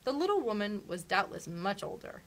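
Woman, librarian, children's storytime, read-aloud, expressive, swooping delivery, gasps. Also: mid-range voice, normal speed, poor audio. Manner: expressive, animated, gasps at dramatic moments.

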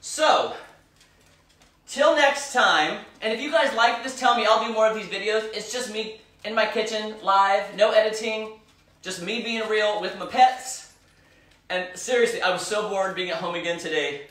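A man's voice: high-pitched, normal speed, bright, forceful tone, reverberant, far from the mic. A man chatting bubbly and gushing while he cooks on a live stream from his home kitchen. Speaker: home cooking vlogger. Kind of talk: live cooking stream chat.

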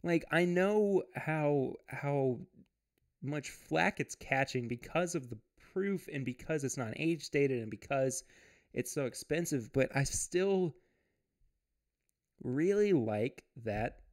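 A man's voice: fairly high pitch, lively intonation, slow pace. A man hosting a casual livestream from home. He reads viewer comments aloud, chats loosely, laughs often and restarts his sentences. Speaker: podcast host.

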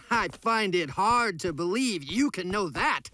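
An actor voicing a bossy, scheming teen boy hero leader in a TV cartoon, talking fast, eager and showy. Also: medium pitch, animated, bright, forceful tone. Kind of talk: TV cartoon voice acting.

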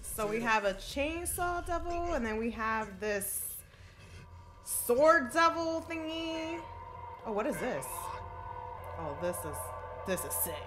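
A woman hosting an anime reaction video, talking to herself with excitable, emotional outbursts. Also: on the high side, slow, long pauses, over music. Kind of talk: live reaction commentary.

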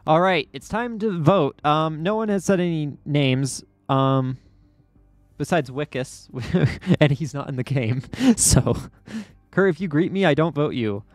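An excitable man talks through a video game as he plays, with a voice a little higher than most men's. He yelps and laughs easily, and soft music plays faintly behind him. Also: dry recording. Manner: excitable, quick to yelp and laugh. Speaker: gaming YouTuber. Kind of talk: live gameplay commentary.

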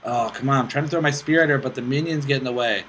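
An excitable young man rattles off joking, self-mocking gameplay commentary, swearing often. His voice sits at an ordinary middle pitch. A steady hiss of background noise and mouse clicks runs under the recording. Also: fast, low-quality recording. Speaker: gaming channel host. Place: indoors, playing on a laptop with friends in the room.

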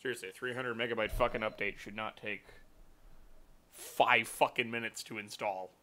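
A man's voice: lowish voice, fairly even intonation, normal speed, bright, forceful tone, a little hiss or hum. A man streaming live, ranting in a profane, exasperated way at his computer.

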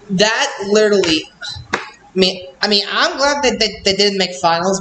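A man's voice: high-pitched, expressive, unhurried, noisy background. A young man hosting a reaction channel, ranting bluntly and repeating himself in exasperation. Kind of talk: casual reaction rant. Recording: echoey room with faint ambience.

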